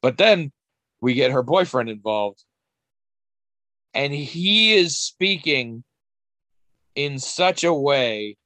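A man's voice: medium pitch, bright, forceful tone, no echo. Rambling, wry man in dry casual chat. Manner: rambling, self-interrupting, wry, swears casually.

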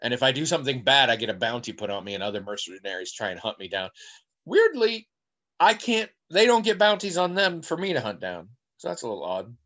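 A man co-hosts a podcast in relaxed, casual conversation. His pitch swings widely as he talks, and he keeps drifting into side stories before finding his way back. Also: brisk. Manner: rambling, digressive storyteller. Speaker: podcast co-host.

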